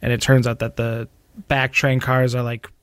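A man's voice: medium pitch, little pitch movement, moderate pace, clear, resonant tone, no room sound, studio quality. Laid-back man in casual chat. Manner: laid-back, agreeable, frequent 'yeah'. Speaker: co-host.

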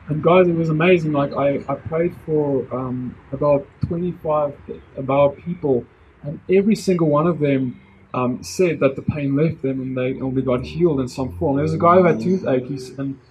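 Earnest man telling a story, slightly high. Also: moderate pace, a little hiss or hum, rough recording. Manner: earnest, excited, rambling with many restarts. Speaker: vlogger sharing a testimony. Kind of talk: casual personal storytelling.

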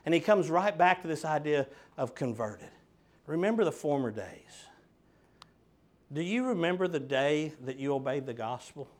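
Man, high voice, middle-aged preacher, sermon, animated, swings from quiet to loud. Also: moderate pace.

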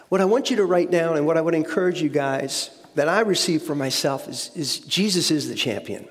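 A man's voice: fairly high pitch, expressive, brisk, few pauses. A man giving a conversational sermon as a guest speaker, often repeating words and checking in with the audience. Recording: long hall reverb.

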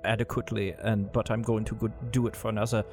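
Low-voiced guy player, dry jokes, faint music behind. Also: flat delivery, fast talker, darkish tone. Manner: dry, joking. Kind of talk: casual chat.

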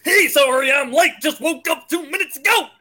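Guy doing a cocky young speedster hero, shouty and boastful, high bright voice. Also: moderate pace, heavily acted. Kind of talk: casual podcast table read.

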